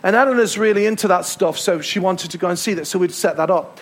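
An English man preaching from the pulpit with a high-pitched voice. He tells stories in a lively way and hammers home his points by repeating them. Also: quick pace. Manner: storytelling, emphatic repetitions. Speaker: pastor. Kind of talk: sermon. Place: church hall.

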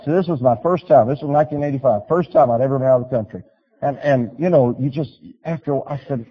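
A man preaching a sermon, telling stories and urging his listeners, swinging from loud appeals to quiet pleas. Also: on the high side, fast talker, slightly rough, in a large hall, highs cut off. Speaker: pastor.

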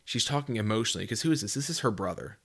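A man in his thirties from the southeastern United States talks through a Bible passage in a relaxed, earnest way. His voice sits fairly low, and he slows down when he reads scripture aloud. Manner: earnest, conversational, reads scripture slowly and warmly. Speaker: Bible teaching host. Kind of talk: casual Bible teaching talk.

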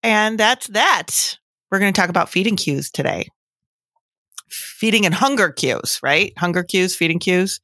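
A woman co-hosting a casual podcast, chatty and animated, with lots of fillers. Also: mid-range voice, unhurried, no echo, studio quality. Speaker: podcast co-host.

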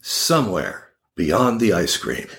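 A man's voice: low-pitched, slow pace, creaky. Guy around 60 spinning funny family stories, voice jumps all over, dry jokey delivery, podcast guest. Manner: animated, wry and laughing, with quoted voices. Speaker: guest, oral surgeon. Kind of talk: casual storytelling in a podcast interview.

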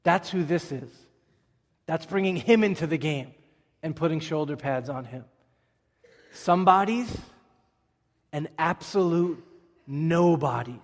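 A man delivers a sermon as a vivid storyteller, his voice sitting a touch higher than most men's. He drops to soft asides, then pushes his volume up to drive a point home. A long reverb from the hall trails each phrase. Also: measured pace, long pauses. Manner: animated storytelling preacher, shifting from soft to loud. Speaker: pastor.

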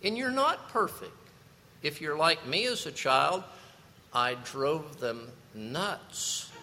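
Slow-talking preacher man, bright lively voice, big echoey church hall. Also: a little high, a little hiss or hum. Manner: storytelling preacher, lively and animated. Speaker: pastor. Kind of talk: sermon. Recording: long reverb of a large hall.

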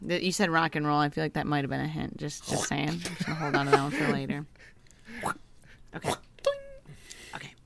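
A man's voice: on the high side, fairly quick, gravelly, pauses often, heavy background noise. A man co-hosting a podcast in casual chat, goofy and playful, full of silly wordplay. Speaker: podcast co-host.

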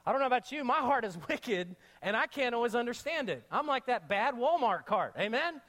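A male pastor preaching an energetic sermon, mixing jokes and slangy asides into the message. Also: extremely high pitch, brisk.

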